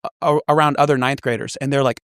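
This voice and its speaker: A man's voice: mid-range voice, quick pace, smooth, no echo, studio quality. A man guesting on a podcast, telling a story in casual chat and acting out the voices of the people he quotes. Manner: animated storyteller who acts out quoted voices.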